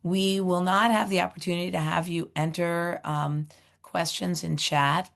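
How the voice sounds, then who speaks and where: Hoarse, gravelly low-voiced woman host. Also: steady tone. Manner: halting, many fillers. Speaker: seminar host, director of education. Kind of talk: webinar introduction.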